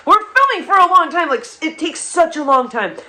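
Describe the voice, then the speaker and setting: A woman's voice: extremely high pitch, sing-song, brisk, bright, forceful tone, poor audio. A young woman telling a wild personal story in casual comedic style, rambling and profane, with many restarts and asides.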